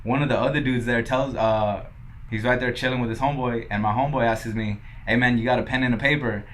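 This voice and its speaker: A man's voice: mid-range voice, fairly even intonation, fast talker, fairly bright tone, slight background noise. A young man from Los Angeles, a podcast guest who tells his story casually, swearing often and acting out what others said. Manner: laid-back, swears a lot, quotes others in dialogue.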